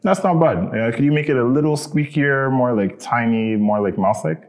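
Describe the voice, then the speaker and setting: A man casually directing an AI through character voices, hesitant and relaxed, with many fillers. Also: medium pitch, fast. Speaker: user directing an AI voice. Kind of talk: casual spoken prompting.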